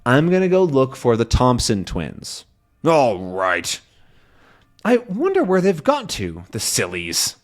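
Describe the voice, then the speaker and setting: A man voicing a brisk, sensible young reporter who talks in a reassuring way. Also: mid-range voice, wildly swooping pitch.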